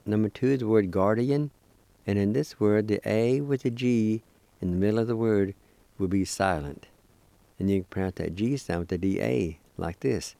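A man teaching a language lesson as host of a weekly program. He spells words out syllable by syllable, repeats them slowly and encourages beginners to practice. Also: on the low side, gravelly, mellow, dry recording.

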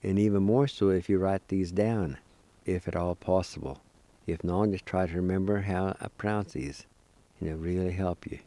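A man teaching a language lesson as host of a weekly program. He spells words out syllable by syllable, repeats them slowly and encourages beginners to practice. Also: low voice, warm tone.

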